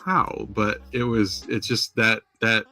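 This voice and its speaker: A man's voice: fairly low pitch, steady tone, measured pace, a bit bright, no room sound. A man co-hosting a podcast in casual chat, rambling with many restarts and fillers. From Maine. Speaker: podcast co-host.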